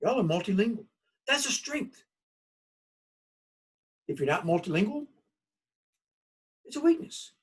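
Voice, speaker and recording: A man's voice: high-pitched, measured pace, long pauses, husky, recorded from a distance. A man with a Southern US accent giving a recorded college course lecture in a folksy, conversational way. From United States. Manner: folksy, conversational, animated storytelling. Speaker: college instructor.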